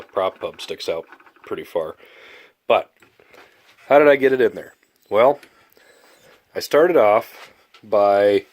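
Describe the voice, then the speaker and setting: A man with a deep, low voice, clogged up and nasal from a stuffy nose. He talks through his hobby build in a loose, rambling way, full of fillers. It sounds like a casual vlog update. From Michigan. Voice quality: nasal, congested. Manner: relaxed, rambling explanation with fillers. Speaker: model airplane builder.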